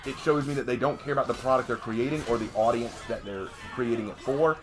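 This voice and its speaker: A young adult man ranting on a live stream in a casual, emphatic way, jumping up in pitch during heated outbursts. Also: quick pace, music in the background. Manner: animated, emphatic, voice jumps high in outbursts. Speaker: streamer and commentator.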